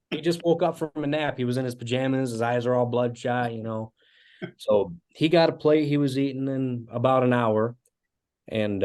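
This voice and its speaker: A man in his twenties, a guest musician, telling animated stories with casual fillers in an interview. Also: mid-range voice. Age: 20s. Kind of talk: storytelling interview.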